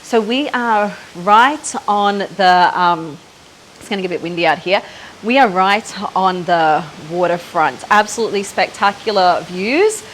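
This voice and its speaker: A woman's voice: mid-range voice, measured pace. Aussie woman chatting into her phone outside by the water, lots of ums and likes, faint hiss behind. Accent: Australian. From Australia. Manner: rambling, frequent ums and likes, laughs often. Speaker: podcast host. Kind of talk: casual spiritual chat to camera. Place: outdoors on a waterfront, windy. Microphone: handheld phone camera.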